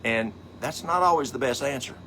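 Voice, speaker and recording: A man's voice: medium pitch, brisk, gravelly, bright, forceful tone, a little hiss or hum. A middle-aged man, teaching a health program in a folksy, rambling way, full of asides and acted-out stories. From American South. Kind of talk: casual teaching talk.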